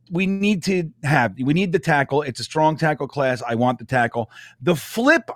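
A man co-hosting a casual sports podcast, rambling and excitable with lots of fillers. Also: on the high side, dry recording, studio quality. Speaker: podcast co-host.

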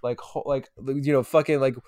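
A man's voice: medium pitch, fairly even intonation, normal speed, a little mellow, no room sound, studio quality. A man co-hosting a casual sports podcast, rambling and swearing with lots of fillers. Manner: rambling, profane, many fillers. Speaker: podcast co-host.

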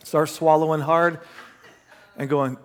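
A male pastor preaching a sermon and telling a personal story, animated, swinging between loud bursts and hushed asides. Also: a little high, slow pace, smooth. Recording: long hall reverb.

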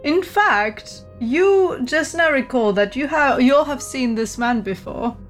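A woman game master narrating a tabletop horror game in a descriptive, unhurried way. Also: sits high, animated, faint music behind. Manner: descriptive, unhurried, laughs between lines.

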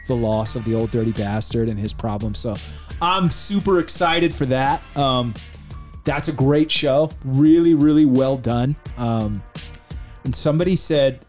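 A man co-hosting a podcast, chatting casually about TV shows and actors and slipping into exaggerated impressions. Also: mid-range voice. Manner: animated, jumps into exaggerated impressions. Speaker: podcast co-host. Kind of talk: casual chat.

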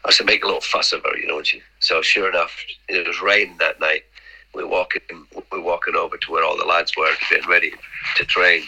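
A man's voice: low voice, little pitch movement, brisk, creaky, pushed and bright, breathy edge, rough recording. A middle-aged man, a podcast guest rambling through anecdotes, repeating words and acting out the dialogue. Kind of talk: casual anecdotal storytelling.

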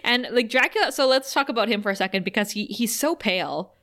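A woman co-hosting a podcast, recapping an episode in an animated, chatty way with frequent laughter. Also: a little high, fast. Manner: animated, chatty, laughs often, many fillers. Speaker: podcast co-host. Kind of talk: casual episode recap chat.

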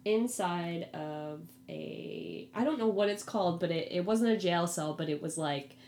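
A young adult woman casually telling a personal story, animated and acting out the voices of others. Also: on the low side, unhurried. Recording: echoey room with faint hum.

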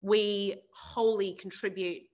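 A woman's voice: medium pitch, fairly even intonation, takes it slowly. A woman in her thirties, a guest on a podcast, talking candidly and reflectively with fillers and restarts. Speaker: podcast guest, sales director. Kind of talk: candid podcast interview chat. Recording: dull, muffled audio.

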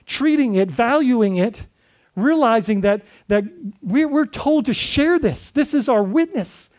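A man's voice: extremely high pitch, darkish tone. A man preaching a sermon as lead pastor, speaking conversationally and putting questions to his congregation.

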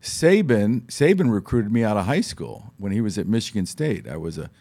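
At normal speed, an Ohio-born former football player in his fifties spins stories as a guest on a casual radio talk show, in the studio. His voice is deep and husky, and he animatedly performs the voices of people he quotes.

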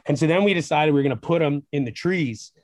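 Young man with a fairly high voice, excitable and rambling, telling an interview story, dry close-miked sound. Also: quick pace, no echo. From Wisconsin, USA. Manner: excitable, rambling, acts out quoted dialogue. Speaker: distillery founder, guest.

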